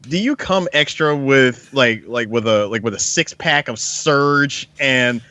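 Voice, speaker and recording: A man's voice: medium pitch, a little slow, bright, forceful tone, clear, resonant tone, no room sound, lo-fi sound. A man co-hosting a casual movie podcast, rambling and teasing his friends. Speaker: podcast co-host.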